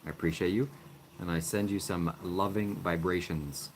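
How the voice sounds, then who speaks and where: Really deep voiced guy begging for donations like a fake spiritual guru, sly, faint noise behind. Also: steady tone, normal speed. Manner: sly, mock-spiritual sales pitch. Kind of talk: comedic livestream, mock donation pitch.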